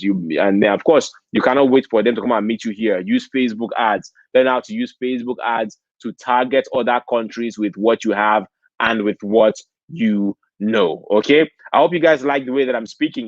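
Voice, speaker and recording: At a convention, a man from Nigeria preaches motivation, keeps asking his audience "okay?". His medium-pitched voice comes through a dull, lo-fi recording with no echo.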